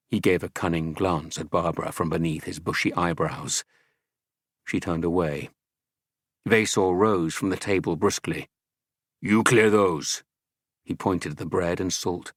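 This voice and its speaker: Deep, husky male audiobook narrator. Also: no echo, studio quality. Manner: measured storytelling. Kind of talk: scripted narration.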